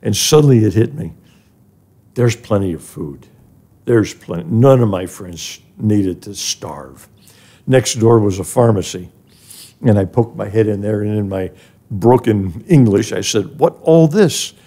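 Older man with a gravelly low voice. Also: a little slow, dark tone. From grew up in an African village. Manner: earnest and emotional, rising when moved. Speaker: guest, charity president emeritus. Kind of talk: personal storytelling in a podcast interview.

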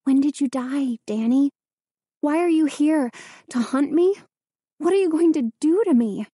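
A woman's voice: high voice, unhurried, mellow, no room sound, clean studio sound. A woman doing a frightened teenage girl.

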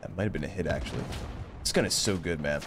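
A man's voice: extremely low pitch, quick pace, background noise. A man giving live commentary over his own gameplay, exclaiming and swearing as the action unfolds. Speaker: gaming video host.

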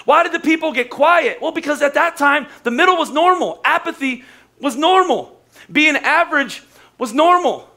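A man's voice: extremely high pitch, lively intonation, normal speed, pushed and bright. A man preaching a sermon as pastor, casual and conversational, with humor and acted-out quotes.

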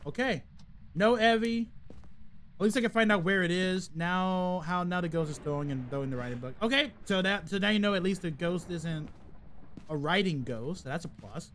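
High-voiced man chatting through a game. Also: normal speed, fairly bright tone, a little hiss or hum. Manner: chatty and joking, breaks into song. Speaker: game streamer. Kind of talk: casual live gameplay chat.

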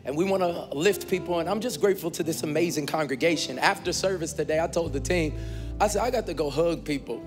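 A man pastor addressing his congregation live in a large church sanctuary, energetic and playful, shouting out to the crowd. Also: a little high, fast. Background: worship music.

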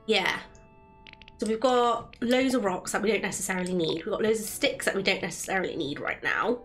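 A woman's voice: medium pitch, brisk, fairly bright tone. A woman hosting a casual game playthrough, chatting and reading in-game text aloud. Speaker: let's play host. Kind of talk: casual gaming commentary. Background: game music.

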